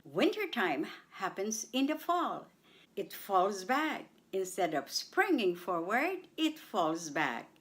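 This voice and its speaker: A woman's voice: medium pitch, big pitch swings, slow pace, fairly bright tone. A woman hosting a radio language segment, spelling out words and saying them syllable by syllable for listeners to repeat. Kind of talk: slow scripted language lesson. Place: radio studio.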